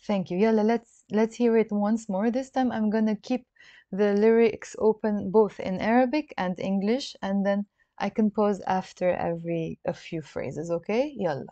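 A woman's voice: medium pitch, steady tone, normal speed, mellow, no room sound, lo-fi sound. A woman with a Lebanese accent teaching an online language lesson, explaining patiently and often checking in with "okay?". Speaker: Arabic teacher. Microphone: video call.

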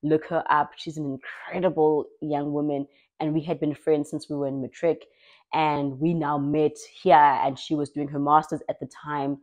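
A young South African woman telling her own story in an expressive, lively way, as a personal vlog. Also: deep voice, normal speed. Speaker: vlogger.

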